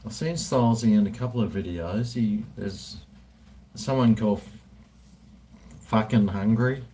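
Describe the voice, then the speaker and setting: A man's voice: on the low side, normal speed, warm tone. A man, rambling and swearing freely in casual chat while drinking. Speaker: vlogger.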